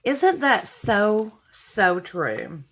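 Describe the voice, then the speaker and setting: A woman's voice: mid-range voice, big pitch swings, drawn-out words, fairly bright tone. A woman, hosting her channel and chatting to viewers as she opens gifts, gushing and sentimental with frequent exclamations. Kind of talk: casual unboxing chat to viewers.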